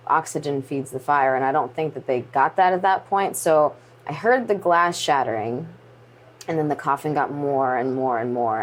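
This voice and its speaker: Brief: woman in her 20s, low voice, earnest and halting, subdued guest in a sit-down interview. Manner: earnest, halting storytelling with restarts. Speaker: interview guest, pro wrestler.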